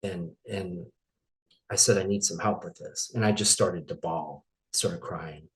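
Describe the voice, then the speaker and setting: Middle-aged guy from maine, lowish voice, halting and emotional, lots of restarts, telling his story in an interview. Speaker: interview guest.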